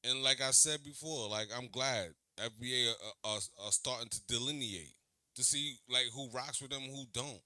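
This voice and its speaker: Slangy man doing reaction commentary, super bright voice, dry close sound. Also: mid-range voice, normal speed, no echo. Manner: animated, slangy, repeats himself, talks back to the clip. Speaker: host reacting to an interview clip.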